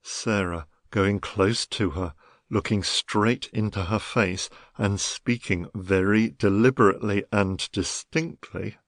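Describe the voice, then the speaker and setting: Very low-voiced stage-direction reader. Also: slow pace, no echo, clean studio sound. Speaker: narrator reading stage directions. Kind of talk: play reading.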